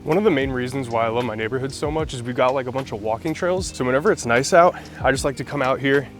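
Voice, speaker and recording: A man's voice: mid-range voice, fast talker, faint music behind. Congested young man vlogging casually. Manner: rambling, laid-back, lots of "like". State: congested from a cold. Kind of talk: casual vlog talk to camera.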